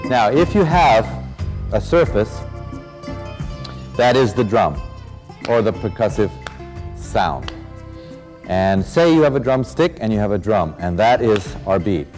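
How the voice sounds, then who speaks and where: A man's voice: on the low side, sing-song, a little slow, long pauses, darkish tone, big-room sound. A man teaching a dance lesson as an instructor, counting beats aloud and encouraging his students. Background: rumba music.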